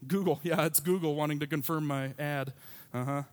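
A man's voice: on the high side, steady tone, a little fast. A pastor preaching a sermon to his congregation, telling a personal story in a conversational way with asides.

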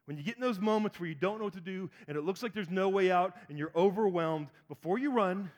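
A man's voice: high voice, fast talker, darkish tone. A man in his forties preaching a sermon, animatedly acting out the voices of people in the story. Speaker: pastor.

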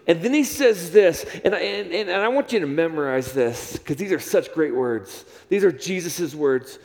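A man's voice: on the high side, expressive, normal speed, gravelly, few pauses, a little mellow. A man preaching a sermon in a church, repeating his phrases for emphasis. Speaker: pastor. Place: church sanctuary. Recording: long reverb of a large hall.

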